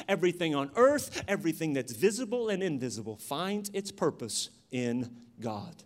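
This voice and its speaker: High-voiced pastor preaching with fire. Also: male voice, sing-song, moderate pace, hardly any pauses. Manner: swings from quiet storytelling to shouted exhortation. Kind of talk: sermon.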